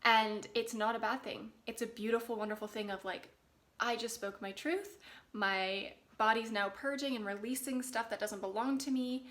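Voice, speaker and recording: A young adult woman talking casually to camera as a spiritual development vlogger, gentle, earnest and encouraging. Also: on the high side, fairly even intonation, normal speed. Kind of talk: casual direct-to-camera talk.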